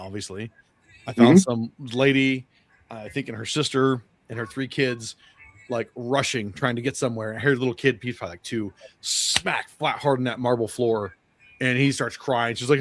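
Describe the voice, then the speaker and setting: On a podcast, a man with a medium-pitched, slightly bright voice rambles through a profane travel story. Likely a guest or co-host, he acts out the people he met and quotes their dialogue.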